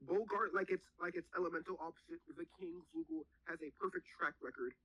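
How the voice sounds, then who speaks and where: A young man co-hosting a casual podcast, talking haltingly with lots of fillers and moving the chat along. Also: fairly high pitch, slightly rough, no echo, lo-fi sound. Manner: halting, filler-heavy, steers topics. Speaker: podcast co-host.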